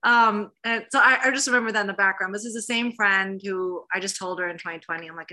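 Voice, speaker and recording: Bright-voiced woman telling her story. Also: medium pitch, quick pace, hardly any pauses. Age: 30s. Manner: animated, acts out quoted voices. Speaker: interviewee, therapist. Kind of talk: emotional personal story.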